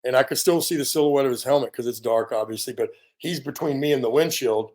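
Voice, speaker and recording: An American man in his fifties, a veteran guest on an interview, telling a story in a casual, animated way and filling pauses with ums and you-knows. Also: medium pitch. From United States. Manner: animated storyteller, acts out quoted dialogue, frequent fillers.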